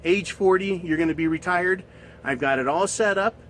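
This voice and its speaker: A man's voice: high voice, moderate pace, fairly bright tone, slight background noise. A man doing a smug showy genie. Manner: grand, showy. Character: smug male genie granting wishes.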